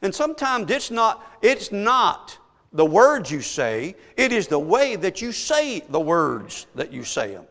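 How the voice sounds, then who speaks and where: A man's voice: sits high, huge pitch swings, unhurried, fairly bright tone, in a large hall. A man preaching a sermon as pastor, driving his points home with rhetorical questions.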